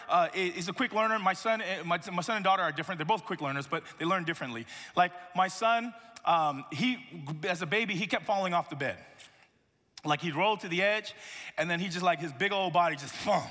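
Male pastor, animated storyteller, bright high voice, reverberant hall. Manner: animated storytelling with playful asides. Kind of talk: sermon.

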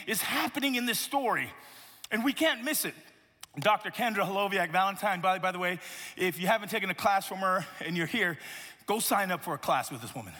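A man preaching a sermon as a pastor, telling animated stories with playful asides. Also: extremely high pitch. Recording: echoey hall reverb.

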